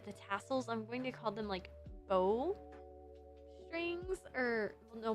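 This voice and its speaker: A young adult woman streaming casually as a VTuber, rambling and giggling while reviewing designs. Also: on the high side. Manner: rambling, giggly, self-deprecating. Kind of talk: casual livestream chat.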